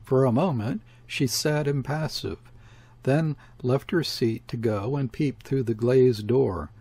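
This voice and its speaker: A man reading a classic novel aloud as an audiobook narrator, in a measured, steady delivery. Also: mid-range voice, husky. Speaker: audiobook reader. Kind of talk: scripted narration.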